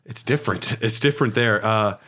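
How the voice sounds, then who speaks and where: A man co-hosting a casual gaming podcast, telling stories in a loose, profane, animated way. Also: on the low side, brisk. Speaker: podcast co-host.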